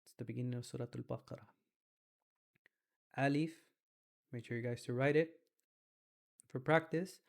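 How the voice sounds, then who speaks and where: A man's voice: mid-range voice, vocal fry. Laid-back man teaching Arabic letters. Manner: relaxed, slangy, drawn-out demonstration of sounds. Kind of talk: casual recorded lesson.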